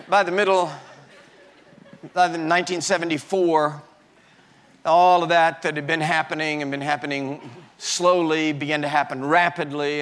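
Male pastor, older, higher-pitched, personal testimony sermon that builds loud and then drops low. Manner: swings from shouting fury to quiet, halting confession.

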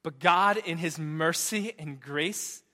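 A young male pastor preaches in a bright, slightly high voice. He is emphatic and keeps checking in with "right?", swinging from loud to hushed. His words ring out with a long hall reverb. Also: slow pace. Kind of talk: sermon.

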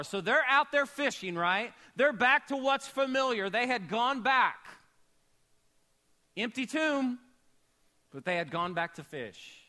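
A man pastor preaching a sermon, animated, moving between shouting and hushed storytelling. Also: high-pitched, a little slow.

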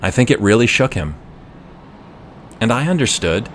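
A young adult man telling a personal story in a reflective, measured first-person way. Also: mid-range voice, lively intonation, slight background noise.

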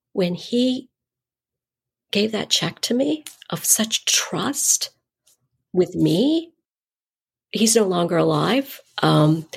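As a guest in an interview, the middle-aged nonprofit founder swaps anecdotes conversationally, breaking into lively, animated dialogue from her stories. Her voice is gravelly, husky, and on the lower side.

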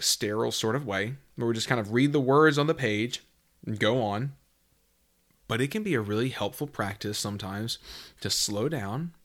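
A man in his thirties from the southeastern US hosts a casual Bible teaching talk, working through a passage in a relaxed, earnest, conversational way. His voice is fairly low, and when he reads scripture aloud he slows down and turns warm.

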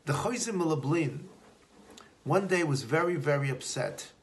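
A man gives a Torah talk on prayer as a rabbi, in a somewhat high voice with a rough, gravelly grain. He tells stories and slows down to lean on the points he wants to land. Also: animated. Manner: storytelling, slows for emphasis.

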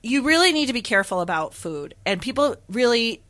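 Young woman co-host, casual podcast chat, bright voice, filler-heavy storyteller. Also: on the high side, sing-song, brisk. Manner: chatty, full of fillers and acted-out quotes. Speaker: podcast co-host, former peer counselor.

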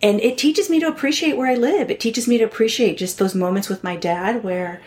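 A woman's voice: on the high side, brisk, a little mellow. A woman from Southern California, a podcast guest, telling a personal story in an earnest, candid and heartfelt way.

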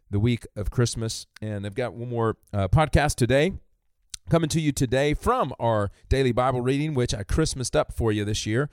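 A man pastor giving a relaxed devotional scripture reading with many fillers. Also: medium pitch, no room sound.

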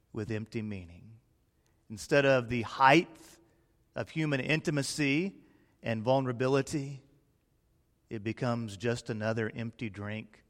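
A pastor preaching a sermon in a dramatic way, swinging from loud declarations to hushed, quiet lines. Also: male voice, on the high side. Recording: long reverb in a large hall.

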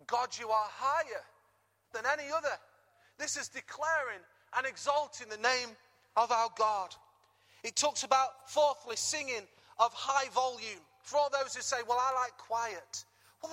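British guy preaching, high bright voice, long hall echo, gets loud and jokey. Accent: British English. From Britain. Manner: lively, jokey, rises loud on key words. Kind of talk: sermon. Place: church hall. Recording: reverberant church hall.

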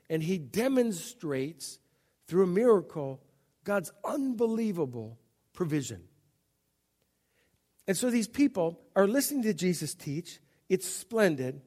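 A middle-aged man with a notably high voice preaches to his congregation. He talks in an easygoing, conversational way and slips into quick character voices to act out the story. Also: warm tone. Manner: conversational, acts out Bible scenes in voices. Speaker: pastor. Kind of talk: sermon.

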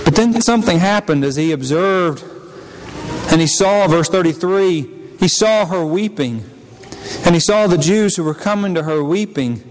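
A man preaching a sermon, his delivery impassioned, swinging between loud pleas and hushed, quiet passages. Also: high-pitched, lively intonation, moderate pace, big-room sound, a little hiss or hum, low-quality recording. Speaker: pastor.

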